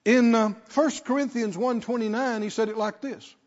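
A man's voice: very high-pitched, steady tone, moderate pace. A man preaching a sermon as pastor, leading call-and-response and repeating phrases with emphasis. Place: church sanctuary. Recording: long reverb, dull lo-fi sound.

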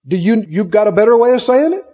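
High-voiced preacher, emphatic. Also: male voice, big pitch swings, quick pace, mellow. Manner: emphatic, repeats phrases, asks the congregation questions. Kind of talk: sermon. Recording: dull lo-fi recording in a reverberant hall.

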